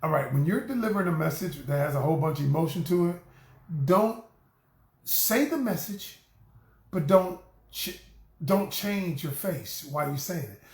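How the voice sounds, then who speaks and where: A middle-aged man coaching on relationships in a lively, preachy way, often turning to his listeners with a friendly y'all. His voice sits high for a man. The sound carries a noticeable room echo. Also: moderate pace. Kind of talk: motivational talk to camera.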